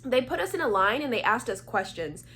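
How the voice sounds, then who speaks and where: A woman's voice: a little high, brisk, husky. A young woman from Atlanta, Georgia telling a story in a casual, chatty vlog and acting out the voices of the people in it. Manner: chatty, animated, acts out quoted voices. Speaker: vlogger.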